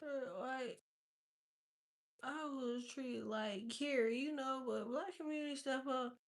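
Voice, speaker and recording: A woman chatting casually with viewers as a tarot reader, telling stories in a blunt, profane, animated way. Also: high voice, slow. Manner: blunt, profane, animated storytelling with frequent laughs. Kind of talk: casual live-stream chat.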